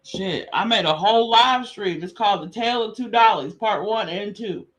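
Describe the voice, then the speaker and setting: A man streaming casual commentary, relaxed and slangy, laughing often as he reacts to a clip. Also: sits high, moderate pace. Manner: laid-back, laughing, slangy banter. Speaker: streamer reviewing a live stream.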